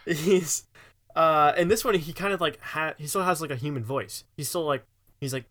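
A man's voice: on the high side, moderate pace, fairly bright tone. A man chatting casually about a movie, loose and rambling, laughing along.

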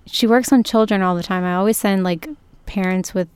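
A woman hosts a casual podcast chat. She gushes freely and strings her sentences together with "like". Her voice is smooth and clear, recorded dry and close. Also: mid-range voice, steady tone, fairly quick, darkish tone, dry recording. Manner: effusive, many "like" fillers. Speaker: podcast host and juice bar owner.

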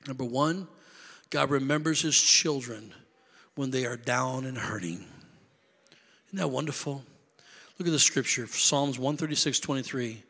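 A man preaching a sermon as pastor, building into shouted preacherly crescendos. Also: medium pitch, in a large hall. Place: church sanctuary.

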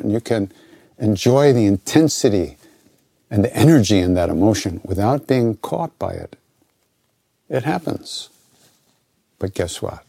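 Older American male teacher, gravelly low voice, loose rambling delivery, dry close recording. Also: no room sound. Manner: relaxed, conversational, self-interrupting. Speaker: spiritual teacher answering questions. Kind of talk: informal spoken Q&A teaching.

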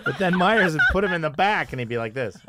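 A man's voice: a little high, expressive, quick pace, very noisy. A man co-hosting a podcast, joking and swearing freely, acting out quotes from stories. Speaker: podcast co-host. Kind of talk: casual podcast banter.

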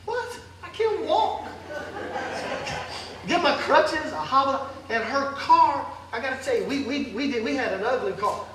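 A man preaching an emotional sermon, swinging between loud calls and soft pleading, recorded from afar in a large church hall. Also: very high voice, normal speed, hardly any pauses, a little hiss or hum. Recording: echoey hall from far off.

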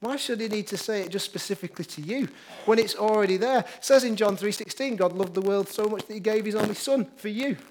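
Pastor, male, higher voice, energetic preaching with banter. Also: quick pace, a little hiss or hum. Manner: upbeat, joking with the congregation. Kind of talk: lively sermon.

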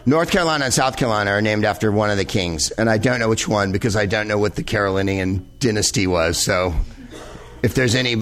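A man's voice: fairly low pitch, quick pace, fairly bright tone. A man hosting a live show, delivering a rambling, profane comic monologue full of digressions. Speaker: comedian host. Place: live venue in Los Angeles with audience.

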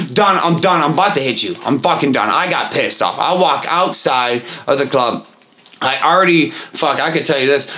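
Young guy, podcast co-host, mid-pitched, profane and animated storyteller. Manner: profane, animated storyteller acting out others' pleading voices. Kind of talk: casual storytelling chat.

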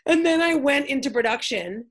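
This woman, a comedian and actress appearing as a guest, has a high-sitting voice and speaks at a normal speed. Over a remote call she chats casually and energetically, telling stories, doing voices of other people, and swearing freely.

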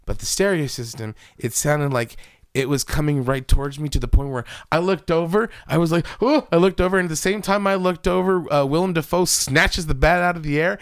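A man's voice: fairly high pitch, a little fast, smooth, no echo, studio quality. A man co-hosting a podcast, telling stories in casual chat, swearing freely and acting out the voices of the people in them. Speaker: podcast co-host.

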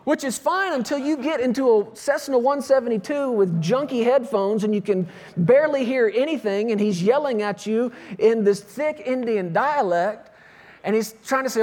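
A man with a very high voice preaches. He reads scripture slowly and deliberately, stretching key words, then slips back into relaxed storytelling. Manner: reads scripture slowly with emphasis, tells stories in between. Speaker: pastor. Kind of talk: sermon.

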